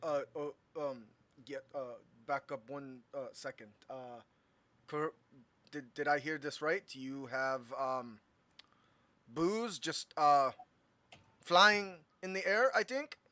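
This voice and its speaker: Bright-voiced man at a tabletop game. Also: a little high, slow, dry recording. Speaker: player. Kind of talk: casual tabletop play.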